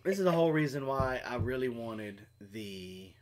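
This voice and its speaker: A middle-aged man co-hosting a casual live stream, rambling through stories with frequent restarts. His pitch swings widely as he talks. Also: animated, normal speed. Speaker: co-host of a homestead live stream. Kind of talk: casual chat.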